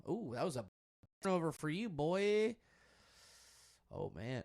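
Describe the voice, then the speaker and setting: A man's voice: high voice, sing-song, moderate pace, long pauses, a little mellow. A young man hosting a podcast, chatting casually and swearing loosely while he watches a basketball game. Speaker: podcast host.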